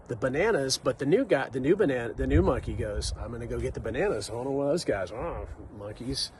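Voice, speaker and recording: Man in his forties, casual vlog monologue, rambling with fillers and restarts, medium pitch, faint traffic outdoors. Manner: rambling, lots of fillers and restarts, says dude and right. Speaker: vlogger.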